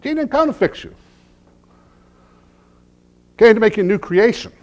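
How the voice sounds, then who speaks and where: A middle-aged male pastor preaching a sermon with humorous stories, dropping to hushed low lines and rising to loud emphatic peaks. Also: lively intonation, moderate pace. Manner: humorous storytelling.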